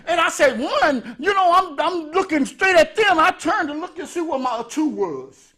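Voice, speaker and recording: Preacher, man, high bright voice, lively storytelling that swells into shouts. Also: normal speed. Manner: animated, laughing, rising to shouts. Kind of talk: storytelling sermon.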